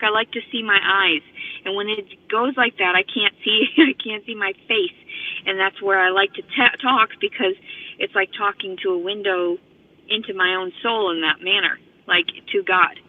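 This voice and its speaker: A woman's voice: mid-range voice, steady tone, moderate pace, dry recording. Breathless woman ranting on tinny audio. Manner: agitated, profane, rambling. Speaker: vlogger. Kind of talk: rambling monologue to camera. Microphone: phone camera.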